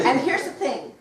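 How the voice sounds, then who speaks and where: A woman in her sixties, a guest author telling anecdotes to a live audience at a bookshop, animated and acting out voices as she goes. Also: high voice. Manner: animated, acts out quoted voices, laughs while telling. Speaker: guest author at a book talk. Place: bookshop event room. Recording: roomy, distant mic, faint noise.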